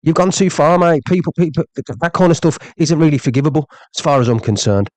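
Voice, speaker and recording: A man's voice: fairly high pitch, lively intonation, quick pace, a little mellow, no echo. Angry swearing man ranting on a live stream. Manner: angry, profane, repeats "you know what I mean". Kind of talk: live-stream rant reading viewer comments.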